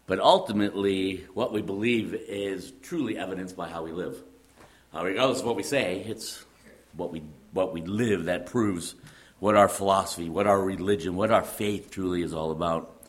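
Man, Midwestern accent, pastor, deep low voice, conversational sermon, halting with fillers, light humor. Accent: Midwestern American.

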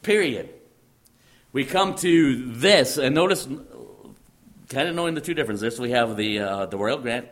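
A man's voice: medium pitch, animated, a little slow, fairly bright tone. A man preaching a sermon, teaching emphatically and repeating phrases for stress.

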